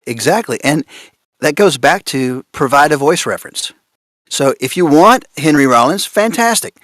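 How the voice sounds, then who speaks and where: A man speaking on a conference panel about voice casting, animated and amused as he reads out odd casting notes. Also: on the high side, normal speed, dry recording, clean studio sound. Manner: animated, laughing, reads out examples with amused disbelief. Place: conference room.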